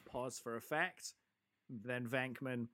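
A man's voice: medium pitch, steady tone, slow, bright, forceful tone. A man in casual chat about a film, eagerly quoting its lines. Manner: enthusiastic, quotes film lines with relish.

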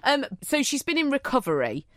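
A woman's voice: sits high, wildly swooping pitch, a little fast, a bit bright, dry recording, clean studio sound. A woman, co-hosting a podcast, reacting with giggly enthusiasm in casual chat. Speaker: podcast co-host.

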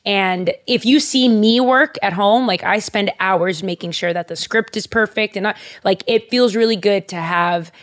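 A woman's voice: medium pitch, moderate pace, hardly any pauses. A woman hosting a podcast in casual chat, giggly and gushing, with many fillers, recorded in a studio. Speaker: podcast host. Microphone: studio microphone.

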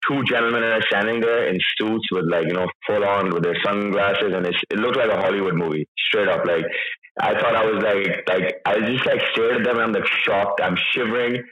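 A man's voice: fairly low pitch, reverberant, dull audio. A man in his thirties telling his own story in an interview, emotional and hesitant, with many restarts. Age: 30s. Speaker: interview guest. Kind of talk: personal account in an interview.

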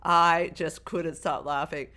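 A woman in casual chat reviewing a film with a co-host, animated and often laughing, with exaggerated mock-outraged retellings. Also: sits low, slow pace. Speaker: podcast co-host.

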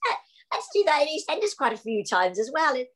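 A woman's voice: high voice, fast, a crowd in the background, poor audio. A middle-aged woman, an actress, chatting in an interview and acting out the voices of people in her stories. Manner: animated storyteller, acts out voices in anecdotes. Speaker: actress guest. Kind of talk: casual interview chat.

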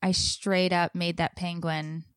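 A woman in her thirties co-hosting a chatty show, telling a story with lively acted-out bits. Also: lowish voice, slow pace, no room sound, clean studio sound. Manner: animated storyteller, acts out her own shouting. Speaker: podcast co-host. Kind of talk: casual chat, storytelling.

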